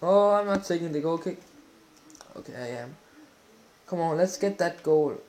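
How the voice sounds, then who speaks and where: A man giving live commentary while playing a football video game, exclaiming and swearing excitedly at the action. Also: fairly high pitch, normal speed, a little hiss or hum.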